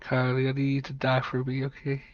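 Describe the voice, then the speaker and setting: Flat-voiced man on a dull dry mic. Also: medium pitch, fairly quick. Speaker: player. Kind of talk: playing a tabletop game.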